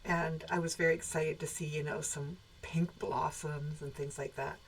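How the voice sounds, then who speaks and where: A woman's voice: deep voice, steady tone, normal speed, poor audio. A woman co-hosting a live show, chatting casually and greeting viewers by name. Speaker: co-host of a quilt shop live show. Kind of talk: casual live-stream chat.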